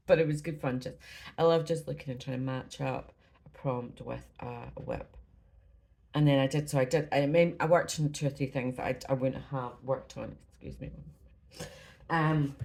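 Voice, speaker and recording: This Scottish woman's voice rumbles low with vocal fry and a slightly mellow quality, captured on poor audio. A cross-stitch vlogger at home indoors, she rambles casually about her stitching, apologizes a lot, and is a little breathless.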